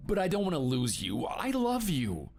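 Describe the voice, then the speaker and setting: Lady putting on a whiny needy grown man voice, pitched way down, flat synthetic read, bit of music under it. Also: moderate pace, gravelly, heavily acted. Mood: pleading. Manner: pleading, whiny. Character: clingy needy adult man, son.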